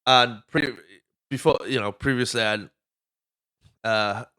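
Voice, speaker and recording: A man's voice: medium pitch, fairly even intonation, slow pace, bright, forceful tone, clear, resonant tone. A Welsh man hosting a podcast, chatting casually through a movie recap, swearing freely and drifting off on tangents. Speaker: podcast host.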